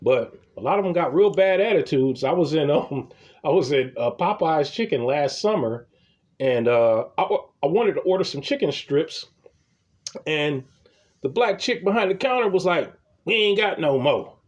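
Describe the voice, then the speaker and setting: A man's voice: a little high, expressive, normal speed, darkish tone, highs cut off. A man telling comic stories in a casual, rambling rant, swearing and stumbling over repeated words. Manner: rambling, profane, repeats words when starting. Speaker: comedy vlogger. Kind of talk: casual ranting storytelling.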